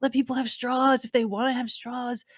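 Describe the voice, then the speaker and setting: A woman co-hosting a casual podcast chat, animated and quick to laugh. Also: fairly high pitch, dry recording, clean studio sound. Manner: laughing, animated, mocking voices in asides. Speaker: co-host.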